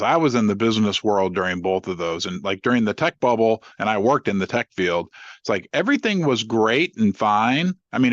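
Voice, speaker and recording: A man's voice: mid-range voice, no echo. Middle-aged man, casual show host, jokey, dry muffled sound. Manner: joking, teasing, animated questions. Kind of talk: casual interview chat.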